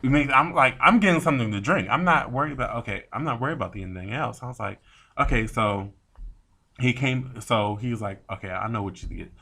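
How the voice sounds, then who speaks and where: A man telling a rambling story to camera, animated and often swearing, acting out both sides of the talk. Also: mid-range voice, quick pace, gravelly. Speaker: vlogger. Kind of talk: casual storytime rant.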